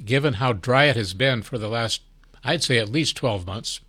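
An older man hosting a casual chat, talking in a chatty, wry and unhurried way. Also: mid-range voice, sharp tone, husky, no echo. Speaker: host.

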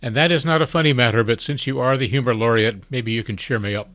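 An older man hosting a casual chat, talking in a chatty, wry and unhurried way. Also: mid-range voice, fairly bright tone, no room sound. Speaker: host.

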